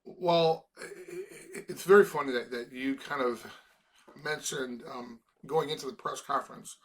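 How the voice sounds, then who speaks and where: A middle-aged man from Chicago, a former college football player, talking earnestly in an interview and often restarting his sentences. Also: mid-range voice. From Chicago, USA. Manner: earnest, halting with many restarts. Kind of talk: emotional interview conversation.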